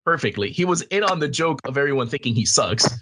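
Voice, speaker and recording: Man, medium pitch, relaxed, casual chat, quick to agree. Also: husky. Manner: easygoing, chiming in to agree and add points. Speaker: podcast co-host. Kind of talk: casual movie review chat.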